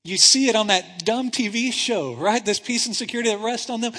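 High-voiced male pastor preaching in a reverberant hall. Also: a little fast, few pauses. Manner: swings between loud urgent preaching and hushed intensity. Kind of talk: sermon. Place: church sanctuary.

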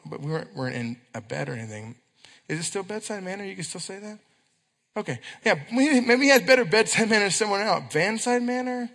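A man preaches in a church hall, and his voice is high and bright. He tells stories with quick asides and acts out the quotes, while a long reverb trails after each line. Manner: animated storytelling with quick asides and acted quotes. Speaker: youth pastor. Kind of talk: sermon.

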